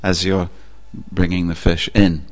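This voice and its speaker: A man preaching a sermon, telling a story with a relaxed, anecdotal manner and frequent pauses. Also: low-pitched. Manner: anecdotal, with fillers. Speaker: religious preacher.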